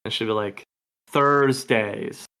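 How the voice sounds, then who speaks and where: A man hosting a movie podcast, talking in a relaxed, rambling way with frequent laughs. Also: mid-range voice, normal speed. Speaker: podcast host. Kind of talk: casual movie podcast chat.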